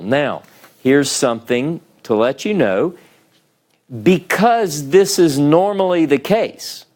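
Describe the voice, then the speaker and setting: A man's voice: mid-range voice, darkish tone. A man with a Southern US accent teaching a class, explaining step by step and often checking in with "okay?" and "right?". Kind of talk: classroom lecture.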